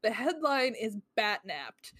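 A woman's voice: fairly high pitch, big pitch swings, slow pace, a bit bright, no room sound. Wry woman critiquing comics. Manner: wry, critical, laughs often, swears. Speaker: podcast co-host. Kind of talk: casual comic book discussion.

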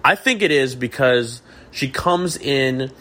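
A man's voice: medium pitch, expressive, slow pace, sharp tone. Mock-serious male podcast host. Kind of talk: casual comedic chat.

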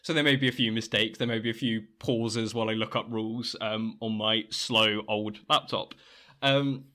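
A man's voice: medium pitch, pushed and bright. A man hosting a tabletop game podcast as game master, chatty with stumbling restarts. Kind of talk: podcast introduction and housekeeping.

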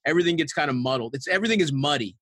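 A man's voice: a little high, expressive, racing, fairly bright tone, slightly rough, no echo. Rambling crude man with dry close sound. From Baltimore, USA. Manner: rambling, crude, laughing storyteller. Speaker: podcast guest. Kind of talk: casual podcast chat.

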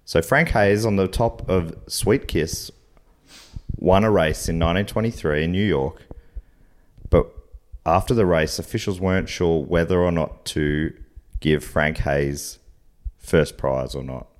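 Playful low-voiced Australian man hosting. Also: unhurried. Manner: playful, reads facts aloud then riffs and laughs. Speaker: game show host. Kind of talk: comedy podcast quizmaster, reading questions.

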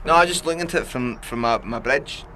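A man's voice: mid-range voice, quick pace, pushed and bright. A Scottish man co-hosting a podcast, telling rambling stories in casual chat with laughs between. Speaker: podcast co-host.

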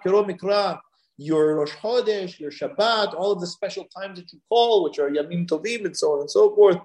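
A man giving a Torah lecture as a rabbi, animated and leaping higher when he voices God's words. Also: normal speed. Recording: echoey room.

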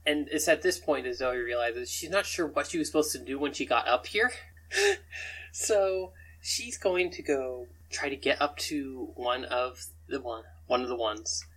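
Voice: medium pitch, animated, measured pace, fairly bright tone, slightly rough, low-quality recording. A game master narrating a tabletop game in a rambling way, often chuckling between descriptions.

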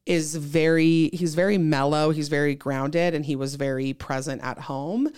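Low-voiced chatty woman guest. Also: normal speed, clean tone. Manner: chatty, animated storytelling with many fillers. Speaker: podcast guest. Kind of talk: casual chat.

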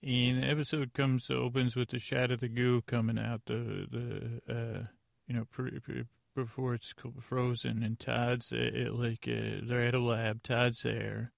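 A man hosting a podcast, giving a rambling, deadpan comedic recap of an episode with lots of fillers and restarts. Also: medium pitch, unhurried, gravelly, dry recording, clean studio sound. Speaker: podcast host.

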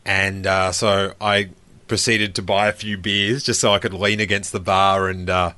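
A man's voice: deep voice, little pitch movement, normal speed, bright, forceful tone, no echo. A man hosting a podcast, chatting casually and laughing while he tells a story. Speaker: podcast host. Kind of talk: casual chat.

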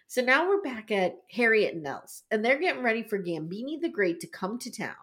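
Woman podcast co-host, high and lively, laughs often and acts out characters. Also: brisk. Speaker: podcast co-host recapping a TV episode. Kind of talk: casual comedic recap chat.

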